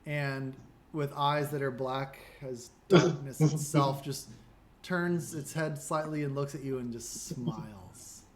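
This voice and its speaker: A man narrating as dungeon master, describing the scene in a relaxed, halting way. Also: medium pitch, crowd noise. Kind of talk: narrating a tabletop game.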